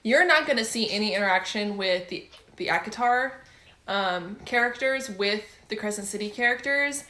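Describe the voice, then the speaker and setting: A young adult woman chatting casually about books she has read, gushing and excitable and often laughing. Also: medium pitch, moderate pace, roomy sound. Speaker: book vlogger. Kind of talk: casual book review chat.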